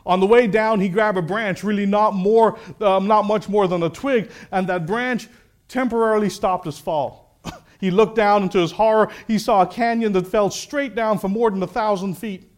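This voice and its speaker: A man with a high-pitched voice preaching to his congregation. He tells a story with relish, then turns earnest and reflective, working through one rhetorical question after another. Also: fairly even intonation, normal speed. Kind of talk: sermon with storytelling.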